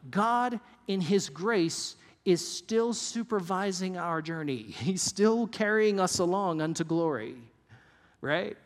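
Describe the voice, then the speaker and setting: A male pastor preaching an earnest sermon, slowing and dropping his voice low to stress points. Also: big-room sound. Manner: earnest, varies pace and drops low for emphasis.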